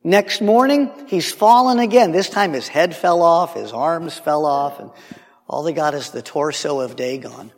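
A man teaching in a conversational sermon style, retelling a Bible story in an animated way with asides and restarts. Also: a little high, a little slow, long reverb tail.

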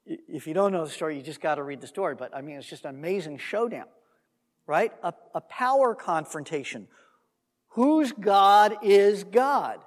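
A man giving a Bible teaching sermon, telling the story with animation and conversational asides, careful not to sound dogmatic. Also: high-pitched. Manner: animated storytelling, acts out quotes. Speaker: Messianic teacher. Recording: long hall reverb.

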